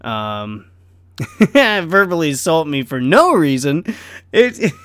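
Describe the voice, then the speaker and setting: A man's voice: on the high side, sing-song, slow pace, fairly bright tone, no echo. A middle-aged man rambling casually in a vlog, self-deprecating and laughing often, with lots of fillers. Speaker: vlogger.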